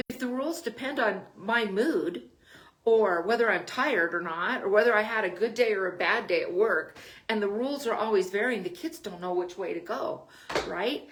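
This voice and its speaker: An older woman talks through parenting advice in a relaxed, conversational way. She is chatty and laughs often between her points, and her voice sits at an ordinary middle pitch for a woman. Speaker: podcast host giving parenting advice. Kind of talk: casual advice talk.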